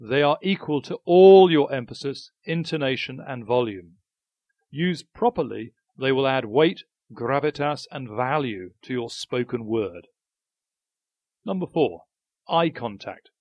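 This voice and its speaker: A man presenting a spoken newsletter in scripted narration, measured and deliberate with emphatic pauses. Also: mid-range voice, lively intonation, dry recording, muffled recording.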